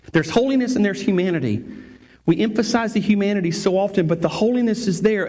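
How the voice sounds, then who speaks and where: High-voiced emphatic male preacher. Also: a little mellow. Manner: emphatic preaching with repeated phrases and restarts. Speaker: pastor. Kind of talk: sermon.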